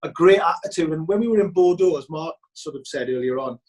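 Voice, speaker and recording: A Welshman, appearing as a guest, trades football-trip stories in relaxed conversation, animatedly mimicking the voices of those he quotes. His voice sits slightly high and moves at a quick clip, and the recording quality is low.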